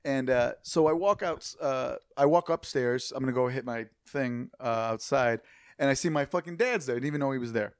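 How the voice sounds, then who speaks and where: A man's voice: medium pitch, a little fast, clean tone, no room sound, clean studio sound. A young man, a podcast co-host, telling a rambling, profane story in casual chat.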